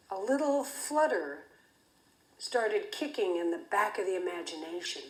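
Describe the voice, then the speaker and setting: A woman giving a keynote speech, telling a story in a vivid, dramatic way. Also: fairly high pitch. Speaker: keynote speaker. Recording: echoey hall.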